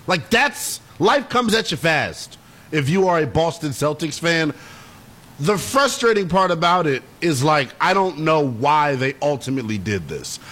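A man's voice: fairly high pitch, big pitch swings, unhurried, fairly bright tone. A young man co-hosting sports talk radio, blunt, opinionated and playful.

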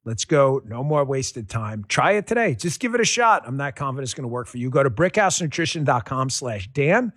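A middle-aged man reading a radio ad as spokesman, energetic and punchy, with big jumps in pitch. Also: a little fast, few pauses, breathy edge, no echo, studio quality. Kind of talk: host-read radio ad.

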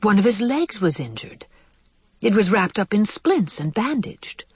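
Expressive storybook reader, breathy voice. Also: measured pace, no room sound. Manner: expressive, varied pitch. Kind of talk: storybook narration.

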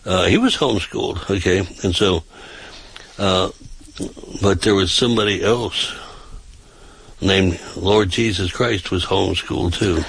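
A man hosting a talk show, making announcements and reading news aloud with casual asides, often pausing on filler sounds and restarting his sentences. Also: low voice, vocal fry, fairly bright tone, husky, low-quality recording. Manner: halting, with frequent uh fillers and restarts.

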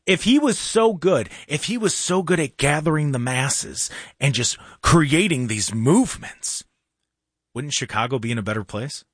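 A man hosting a casual political talk radio show in a studio, animated and mocking, with jokey asides. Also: on the high side, moderate pace, husky, no echo.

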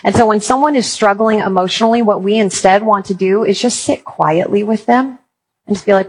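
A woman's voice: medium pitch, a little fast, slightly rough, rough recording. A woman giving an earnest Christian talk, mixing encouragement with humorous personal stories. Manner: humorous, animated storytelling. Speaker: Christian speaker.

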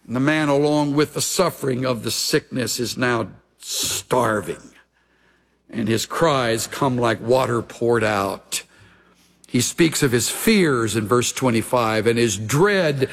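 A man in his sixties, a pastor preaching an expository sermon, teaching verse by verse in a measured, deliberate way. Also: a little high.

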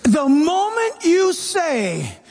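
Man preaching in a church hall, shifting loud and quiet, very high pitch. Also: very slow. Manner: animated preaching, swings between loud and soft. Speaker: pastor. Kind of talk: sermon.

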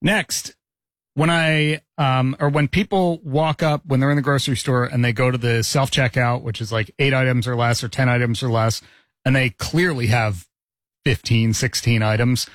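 A man in his forties chats on a podcast in an easygoing, storytelling way. His voice sits at an ordinary middle pitch, recorded close with a dry sound. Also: steady tone, normal speed, no echo. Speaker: co-host. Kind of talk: casual podcast chat.

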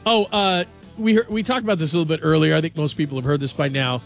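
Chatty radio host with a gravelly voice. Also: male voice, a little high, fast, soft background music. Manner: chatty, animated, jokey. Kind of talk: casual sports talk. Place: radio studio.

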